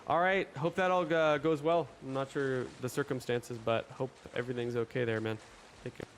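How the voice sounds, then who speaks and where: A man's voice: medium pitch, steady tone, normal speed, slight background noise. A young man hosting a casual livestream, chatty and rambling as he talks to his chat. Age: young adult. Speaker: livestream host.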